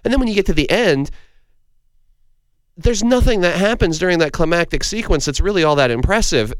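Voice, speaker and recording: A man's voice: sits high, expressive, fairly quick, clean tone, no echo. A man talking through a film review in a casual discussion, thoughtful, often restarting and hedging his points. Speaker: film critic.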